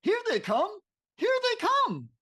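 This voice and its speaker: Man yelling as a bloodthirsty arena mob. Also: extremely high pitch, huge pitch swings, measured pace, voice pushed up, heavily acted. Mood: bloodthirsty jeering. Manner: shouted jeers. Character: bloodthirsty arena crowd members, shouting for blood.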